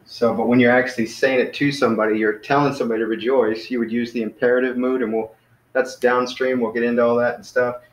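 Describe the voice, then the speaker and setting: A man's voice: mid-range voice, little pitch movement, quick pace, roomy sound, low-quality recording. A man teaching a beginner online language class, rambling with lots of fillers and self-corrections.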